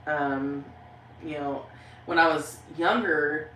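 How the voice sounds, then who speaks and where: Low-voiced Tennessee woman chatting casually. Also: slow pace, reverberant, far from the mic, slight background noise, low-quality recording. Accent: Tennessee Southern. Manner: relaxed, chatty, laughs easily. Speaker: paranormal YouTuber. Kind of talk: casual chat to camera.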